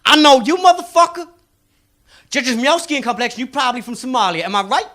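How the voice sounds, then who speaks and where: A man voicing a brash, cocky male street con man who taunts and shouts. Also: very high voice, fast talker, voice pushed up.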